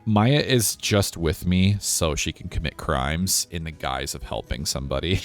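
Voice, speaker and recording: A man's voice: low voice, unhurried, few pauses, soft background music. A man streaming a game live, joking in laid-back asides and explaining the voices he does. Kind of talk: live gameplay commentary with character voices.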